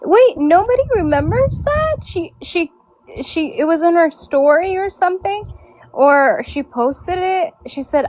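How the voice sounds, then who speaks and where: A woman's voice: very high-pitched, sing-song, a little slow, darkish tone, low-quality recording. A woman gossiping and laughing in a casual group chat.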